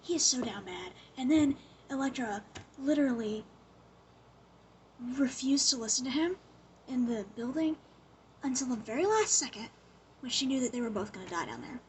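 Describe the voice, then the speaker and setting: A young woman talks casually, gossiping through a TV show's plot. Her voice sits a little above the usual woman's pitch. She tells the story with animated energy and fills it with "like" and quick quoted lines. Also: a little hiss or hum. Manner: chatty, animated retelling full of "like" and acted-out quotes. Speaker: show recapper. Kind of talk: casual chat recapping a TV show.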